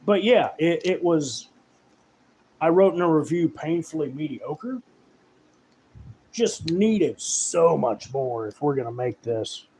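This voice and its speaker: A man with a somewhat high voice rambles through a casual rant, swearing freely and jumping between thoughts. His talk is animated and loose. Faint noise hangs behind him. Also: takes it slowly, long pauses, low-quality recording. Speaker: horror writer and reviewer.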